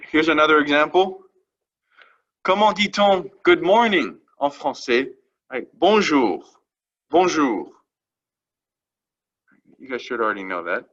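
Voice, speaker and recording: A man's voice: a little high, fairly bright tone, muffled recording. A man teaching French vocabulary to a class, explaining each phrase patiently and checking in after each one. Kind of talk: classroom lesson.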